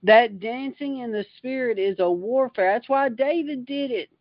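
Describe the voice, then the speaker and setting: A woman with a slightly high voice preaches an informal livestream sermon at normal speed, fervent and emphatic as she reads scripture and then riffs on it. The sound is lo-fi, with no room sound.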